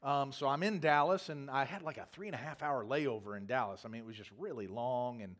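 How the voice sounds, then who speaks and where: A man's voice: medium pitch, brisk, a bit bright. A man preaching a sermon as a pastor, telling a long, humorous travel story in a rambling, self-correcting way.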